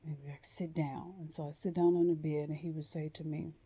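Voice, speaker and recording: A woman telling a personal story in a slow, hesitant way, with frequent pauses and ums. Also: sits low, flat delivery, mellow, husky. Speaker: vlogger.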